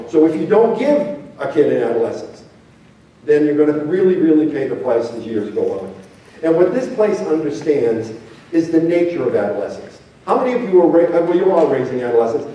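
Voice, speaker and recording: An older man, a former teacher, giving a storytelling talk to parents, often dropping low and quiet to act out what people say. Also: big pitch swings, a little fast, a little hiss or hum. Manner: storytelling, acts out quotes, drops low and quiet for emphasis. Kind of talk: speech to an audience. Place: large hall with an audience. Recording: very echoey hall, voice from far off.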